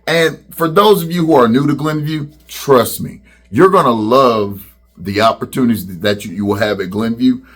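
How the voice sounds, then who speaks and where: A man's voice: mid-range voice, moderate pace, a bit bright. A middle-aged man, a school principal, addressing students in a welcome video and leading them in call-and-response chants.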